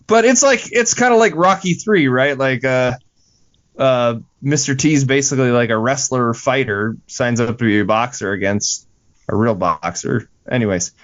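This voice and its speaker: A man's voice: medium pitch, dull audio. A man hosting a podcast, asking questions and steering the discussion in a casual chat. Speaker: podcast host.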